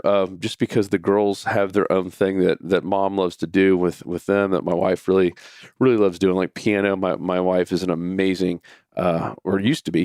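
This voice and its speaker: A man's voice: deep voice, vocal fry, a little mellow, no echo, studio quality. A man in his thirties hosting a podcast, telling a family story in a casual, chatty way with frequent restarts. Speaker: podcast host.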